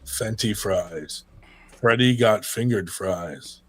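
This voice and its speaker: A man's voice: fairly low pitch, slow. A man co-hosting a live stream, joking around in a crude, rambling way. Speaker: co-host. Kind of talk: casual live-stream chat.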